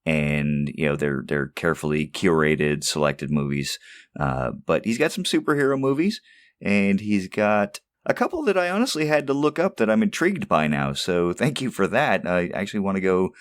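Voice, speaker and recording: A man with a lowish voice hosts a casual movie podcast, chatty and quick to laugh. The recording is dry and close, with no room around him. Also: expressive, no echo. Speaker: podcast host. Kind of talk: casual chat.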